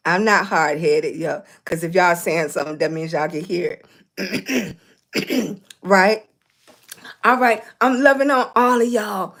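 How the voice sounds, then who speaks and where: Hoarse middle-aged woman, unhurried livestream chat, affectionate, throat-clearing. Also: medium pitch. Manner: affectionate, calls viewers baby and sweetie. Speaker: livestream host. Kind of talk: casual livestream chat to viewers.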